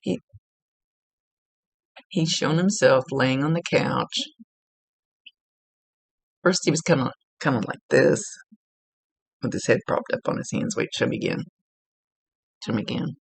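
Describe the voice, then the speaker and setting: A woman gives a psychic reading in a gravelly, husky voice. She talks haltingly, pausing to search for the right words. The sound is dry and close, with no room around it. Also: a bass voice, no room sound, rough recording. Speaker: psychic medium. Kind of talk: giving a one-on-one reading.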